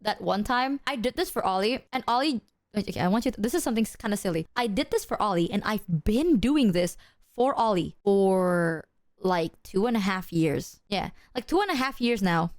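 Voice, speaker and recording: A woman's voice: medium pitch, expressive, moderate pace. A young adult woman streaming casually, rambling with lots of fillers, swearing and talking to her chat. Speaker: VTuber streamer.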